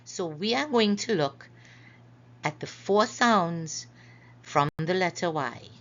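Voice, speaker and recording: A woman teaches phonics at an unhurried pace and carefully sounds out each example word. Her voice is bright and sits a little low. The recording is somewhat dull and lo-fi. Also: animated. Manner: slow, careful, stretches out example words. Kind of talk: phonics lesson narration over slides.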